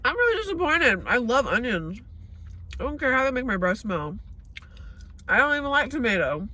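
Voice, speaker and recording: Candid, expressive woman vlogging casually. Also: a little high, moderate pace. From San Francisco Bay Area. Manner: candid and expressive, swears freely. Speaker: vegan vlogger. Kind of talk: casual vlog chat.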